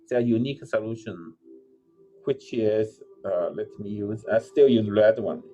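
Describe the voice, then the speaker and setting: A university lecturer with a lowish, dark voice works through a problem aloud at a measured pace in a recorded lecture. He thinks as he goes, with many "uh"s, restarts and self-corrections.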